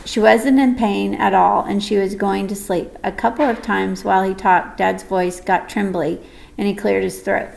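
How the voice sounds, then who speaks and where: A woman reading a first-person audiobook story in a gentle, measured way. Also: mid-range voice, steady tone, creaky, poor audio. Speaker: audiobook narrator.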